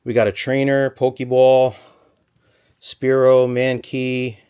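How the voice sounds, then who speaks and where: A man vlogging from a storage locker, rambling and thinking aloud in an excited stop-start way, a little out of breath. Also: medium pitch, takes it slowly, smooth, lo-fi sound. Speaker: storage unit reseller. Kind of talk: excited unboxing vlog.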